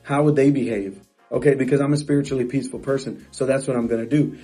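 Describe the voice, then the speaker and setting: Emphatic husky-voiced male coach. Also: mid-range voice, fairly even intonation, quick pace, warm tone, faint music behind. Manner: emphatic, repeats phrases, frequent restarts. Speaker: real estate coach. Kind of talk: motivational talk to camera.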